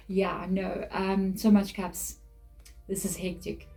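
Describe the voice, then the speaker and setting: Woman, tarot reading to camera, warm mellow voice, emotional, earnest, repeats herself. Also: medium pitch, fairly even intonation, slow pace, faint music behind, low-quality recording. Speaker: tarot reader.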